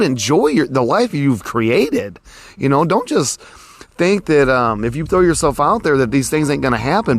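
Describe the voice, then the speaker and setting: A man hosting a podcast, musing in a casual, rambling way with lots of fillers, recorded outdoors. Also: a little high. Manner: rambling, folksy, many fillers like "you know". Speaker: podcast host. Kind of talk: casual philosophical monologue. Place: outdoors with cars passing.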